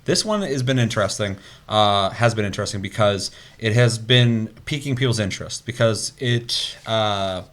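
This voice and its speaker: A young man co-hosting a gaming podcast, chatting casually with a fairly low voice. He tells stories in a loose, animated way and swears freely as he goes. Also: normal speed, hardly any pauses. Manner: loose, profane, animated storytelling. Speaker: podcast co-host.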